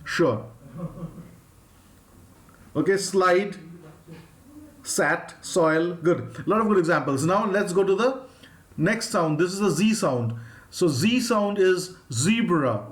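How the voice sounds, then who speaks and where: A man with an Indian English accent, teaching a live phonics lesson and drawing out each sound slowly. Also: high voice, lively intonation. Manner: slow, drawn-out demonstration of sounds, reading out viewers' names.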